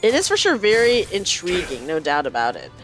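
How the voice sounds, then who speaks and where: A woman's voice: fairly low pitch, huge pitch swings, brisk, soft background music. A woman streaming a game, chatting with viewers and reading dialogue aloud. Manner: chatty, reacts aloud and reads lines in character.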